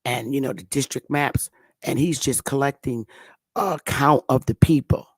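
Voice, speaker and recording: Brief: calm local male go-between, patient and explaining, dry close sound, played by a man. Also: medium pitch, moderate pace, slightly rough, dry recording, voice pushed down. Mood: reassuring.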